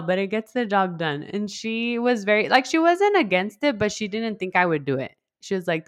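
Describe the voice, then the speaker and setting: A woman's voice: medium pitch, very animated, moderate pace, few pauses, no echo, studio quality. A young woman from West Texas casually telling her own story, chatty and full of "like", acting out what others said. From West Texas, USA. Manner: chatty, heavy use of "like", acts out quoted dialogue.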